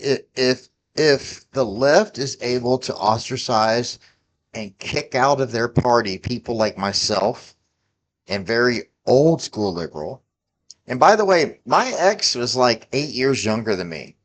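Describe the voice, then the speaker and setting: A man's voice: mid-range voice, lively intonation, a little slow, a bit bright. A man in his forties ranting about politics, heated and profane, scolding his listeners. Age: 40s. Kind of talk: angry political rant to camera.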